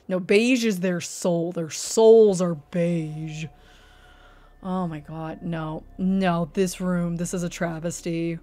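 A woman streamer with a lowish, dark-toned voice and fairly even intonation takes it slowly as she reviews house listings live. She reacts aloud with mock outrage and exasperation, cursing, laughing a lot and asking rhetorical questions.

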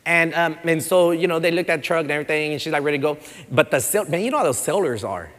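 A man preaching a sermon as pastor, animated and conversational, slipping Spanish words into his talk. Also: on the high side, quick pace. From Texas. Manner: animated, conversational preaching with frequent fillers and acted quotes; mixes in Spanish words and phrases. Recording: long reverb of a church hall.

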